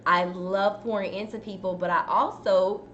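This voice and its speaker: A woman's voice: medium pitch, steady tone, normal speed, a bit bright, lo-fi sound. A woman hosting a casual live chat, talking straight to her viewers and fighting a cough from a dry throat. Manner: chatty, addresses viewers as "y'all". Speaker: host. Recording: faint background noise.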